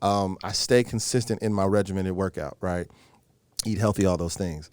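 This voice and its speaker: A man in his thirties, an actor being interviewed, telling stories in a lively way and acting out what people said. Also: sits low, normal speed, clean tone, no room sound. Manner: animated storyteller who acts out quoted exchanges. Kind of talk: casual interview chat.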